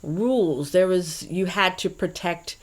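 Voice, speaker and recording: Casual podcast co-host, female, lower register, chatty and anecdotal. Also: measured pace. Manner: chatty, reads quotes aloud, trails into asides.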